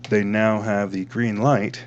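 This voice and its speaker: Man, low-ish voice, rambling casual commentary, repeats words, faint hum. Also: little pitch movement, slow, lo-fi sound. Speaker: podcast host. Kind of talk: casual commentary reading from screen.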